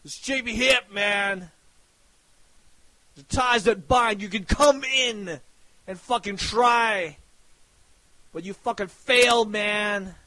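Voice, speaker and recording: Loud high-voiced man ranting. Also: slow, long pauses, no echo, low-quality recording. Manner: loud, profane, boastful, often shouting. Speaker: website owner. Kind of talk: hype rant to viewers.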